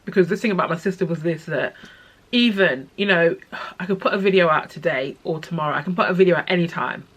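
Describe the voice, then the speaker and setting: A young woman telling a personal story in her vlog, tearful and halting, with many pauses and restarts. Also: on the low side, husky. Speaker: vlogger.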